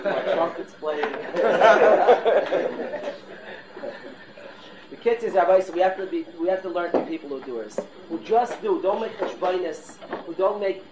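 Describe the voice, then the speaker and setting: A middle-aged man, a rabbi, giving a fiery, exhorting sermon to his class, sprinkling in Hebrew and Yiddish terms. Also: sits high. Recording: roomy, dull lo-fi recording with noise.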